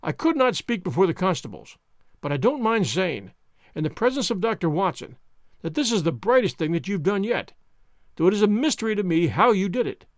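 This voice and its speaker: A man reading the lines of a blunt, skeptical police inspector, gruff and impatient. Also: high voice, big pitch swings, fairly quick, dry recording, studio quality. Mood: brusque.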